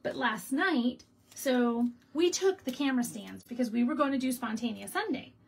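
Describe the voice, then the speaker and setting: A woman's voice: on the high side, moderate pace, vocal fry, breathy edge, rough recording. A middle-aged woman hosting a casual crafting live stream, telling a story with frequent laughs. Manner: chatty storytelling, laughing often. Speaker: stamping demonstrator and show host. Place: home craft room.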